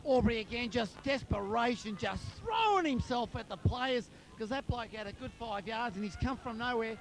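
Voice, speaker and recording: A man with a very high voice gives rapid play-by-play of a local footy match, naming players as the ball moves. He calls from outdoors at a suburban ground, captured on amateur video with traffic noise behind. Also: vocal fry. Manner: quick play-by-play, rising excitement. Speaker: club commentator. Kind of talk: amateur football commentary.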